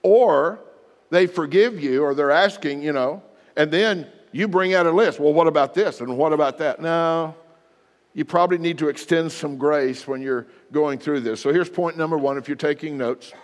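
A man's voice: fairly high pitch, normal speed, big-room sound. A middle-aged male pastor preaching, acting out short example apologies and leading the congregation in practice. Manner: acts out short example apologies in different voices; leads the congregation in spoken practice. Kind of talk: sermon.

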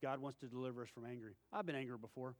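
A preacher races through his sermon, telling down-home stories and acting out what each person said. His pitch is medium and his tone steady, all heard through a long hall reverb.

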